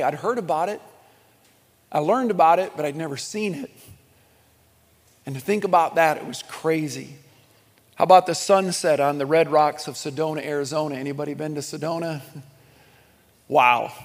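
A middle-aged man preaching a sermon, telling stories in a conversational, animated way with chuckles and restarts. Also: a little high, in a large hall. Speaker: pastor.

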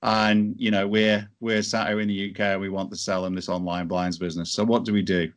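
Guy, lowish voice, rambly chatty storytelling, lots of "you know". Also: level tone, brisk. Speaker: entrepreneur guest. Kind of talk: casual storytelling interview.

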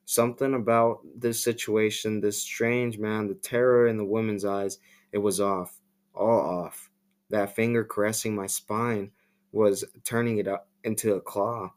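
Male podcast host narrating horror; low, slow, casual asides. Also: little pitch movement. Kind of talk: casual horror story reading.

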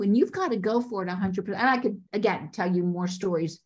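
A woman casting director telling stories in a podcast interview, lively and acting out the voices of people she quotes. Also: mid-range voice, fast, slightly rough, lo-fi sound. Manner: animated, acts out quoted voices.

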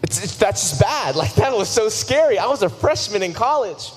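A man's voice: sits high, big pitch swings, normal speed. Young male preacher in a reverberant hall. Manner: earnest, casual and self-deprecating. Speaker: youth preacher. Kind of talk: sermon with personal storytelling. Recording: long hall reverb, faint noise.

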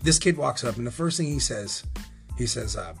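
A man's voice: mid-range voice, lively intonation, normal speed, gravelly, faint music behind. A man hosting a podcast, telling a long wrestling story in a rambling, casual way, acting out the lines of the people in it and swearing freely. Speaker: podcast host.

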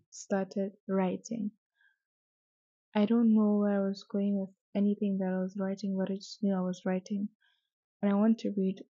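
A young Nigerian woman hosts a podcast, giving a soft-spoken, hesitant personal reflection with restarts. Her medium-pitched voice comes through a dull, muffled home recording with no echo, and the mic distance varies, at times briefly out of reach.

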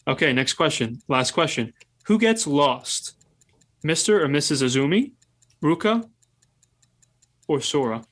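A man running a casual podcast quiz, reading out multiple-choice questions with pauses and ums. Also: on the high side, big pitch swings, fairly bright tone. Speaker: quiz host running the game.

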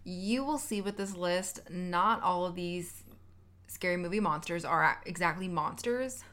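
A woman's voice: lowish voice, a little slow, a bit bright. A young woman co-hosting a podcast, chatty and playfully teasing. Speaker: podcast co-host. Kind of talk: casual podcast chat.

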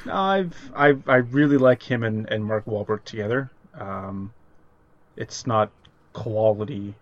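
A man co-hosting a podcast, chatting casually about movies in a dry, halting way with repeated words. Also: lowish voice, lo-fi sound. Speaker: podcast co-host. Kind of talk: casual movie ranking chat.

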